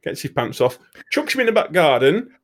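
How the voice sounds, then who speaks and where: A man's voice: a little high, fairly quick. A man telling a crude comic story in casual chat, swearing freely. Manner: animated, swearing, laughing storyteller.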